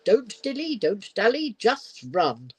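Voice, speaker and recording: A woman voicing a proud, hurried young female snail in a picture book she reads aloud, with a snappy, impatient manner. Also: medium pitch, very animated, a little hiss or hum. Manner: brisk and snappy, then tearful.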